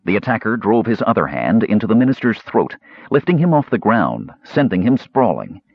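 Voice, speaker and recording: A low-voiced man reads a fantasy novel aloud with dramatic, animated pitch. His voice is somewhat husky, and the recording is dry and a little dull. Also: moderate pace, dry recording. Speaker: audiobook narrator. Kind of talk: scripted narration.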